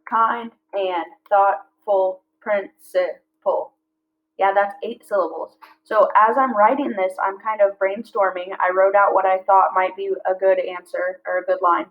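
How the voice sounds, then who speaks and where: A woman teaching a class, reading lines slowly and clearly and breaking words into syllables. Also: medium pitch, little pitch movement. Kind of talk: classroom lesson. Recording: slightly dull lo-fi audio.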